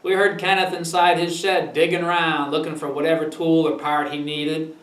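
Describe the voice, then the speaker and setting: A man's voice: a little high, flat delivery, normal speed, a bit bright, reverberant, far from the mic, rough recording. A man with a Maine accent reading his humor book aloud in an easygoing, folksy way. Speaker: storyteller.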